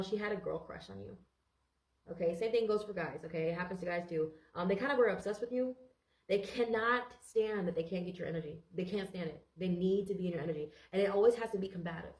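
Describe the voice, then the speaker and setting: Congested woman tarot reader; rapid, rambling, filler-heavy delivery in a roomy space. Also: on the low side, a little mellow. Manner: rambling, repeats phrases, frequent "okay?" and "like". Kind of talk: casual tarot reading.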